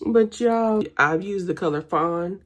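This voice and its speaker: A woman's voice: on the low side, slow, noisy background. A young woman, chatting casually with her viewers while doing her makeup at home. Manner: chatty, addresses viewers as y'all. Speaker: vlogger.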